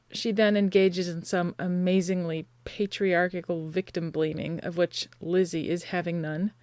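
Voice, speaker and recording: A woman's voice: mid-range voice, darkish tone. Chatty woman giving a casual literary talk. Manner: chatty, quick asides, mimics characters she discusses. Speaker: conference presenter.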